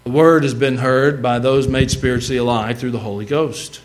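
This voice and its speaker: A man's voice: mid-range voice, steady tone, normal speed, poor audio. Man preaching a conversational sermon. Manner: conversational preaching with asides and humor. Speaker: pastor. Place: church sanctuary.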